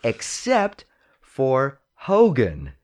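A man hosting a casual movie discussion, talking in an animated way and putting on voices when he quotes. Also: mid-range voice, extremely slow.

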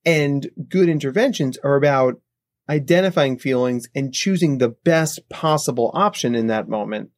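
Male psychologist guest, mid-pitch voice, explanatory podcast delivery, often checks in with "right?", dry close mic. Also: moderate pace, no echo. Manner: explanatory, tags points with "right?". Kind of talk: podcast interview answers. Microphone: podcast microphone.

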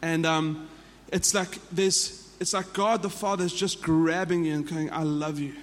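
A man's voice: high voice, fairly even intonation, unhurried, in a large hall. A man with a South African accent, preaching a sermon to a church in an earnest way that often repeats and restarts phrases. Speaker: pastor.

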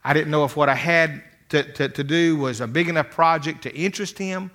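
An older man with a bright, ringing voice, pitched a little high, gives a motivational talk. He works through folksy stories and often repeats a word two or three times before his sentence gets going. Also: fairly quick. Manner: folksy storytelling, repeats words when starting sentences. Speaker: motivational speaker.

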